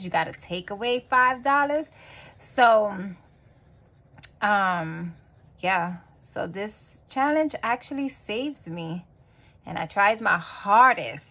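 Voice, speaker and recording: Chatty mom vlogger counting cash softly. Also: female voice, mid-range voice, poor audio. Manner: chatty, lots of fillers and restarts; soft, counts money under her breath. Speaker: budgeting channel host. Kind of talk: casual vlog chat.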